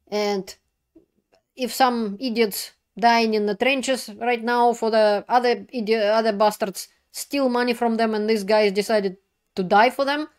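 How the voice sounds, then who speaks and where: A woman's voice: fairly high pitch, darkish tone. A woman giving an indignant, emphatic video commentary in non-native English with broken grammar. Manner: indignant, emphatic, plain-spoken. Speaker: political commentator.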